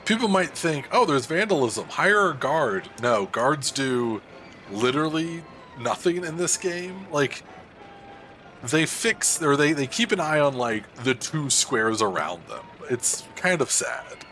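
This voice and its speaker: With faint music in the background, a man at a standing desk in his home room chats casually while streaming a game, reading the chat and responding animatedly. His mid-range voice takes things slowly.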